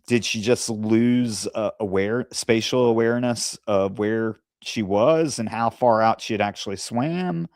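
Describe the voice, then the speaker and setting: A man co-hosting a casual discussion, speaking in a measured, careful way with pauses and fillers. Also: on the low side, a little mellow, no room sound, studio quality. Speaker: co-host.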